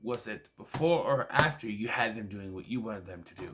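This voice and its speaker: A man's voice: lowish voice, animated, normal speed, noisy background. Sleepy, rambling man reviewing movies. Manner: rambling, yawning, lots of fillers. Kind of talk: casual vlog movie ranking.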